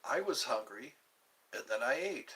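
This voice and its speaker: This is casual live-stream chat from a man in his fifties who reads comments aloud and responds in a jokey, playful way. His medium-pitched voice is sing-song, bright and forceful with a breathy edge, unhurried in pace, and the recording is rough.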